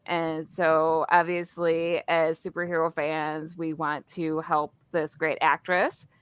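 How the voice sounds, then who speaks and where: A woman with a fairly low voice talks through details as a podcast co-host. She is chatty and trips over a word here and there. The sound is dry and close, with no room around it. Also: little pitch movement, slow, clean tone, no echo. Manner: chatty, stumbles over words. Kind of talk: casual chat.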